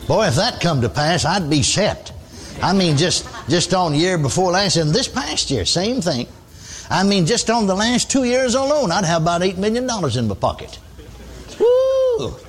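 A man's voice: high-pitched, very animated, normal speed, faint music behind. A man preaching a sermon in a folksy style, often exclaiming praise and asking for amens. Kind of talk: radio sermon.

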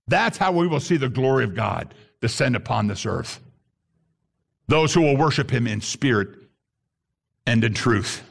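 A man preaching an animated sermon as a messianic pastor, rising to shouts at times and using Hebrew terms. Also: mid-range voice, a little slow, creaky, long pauses.

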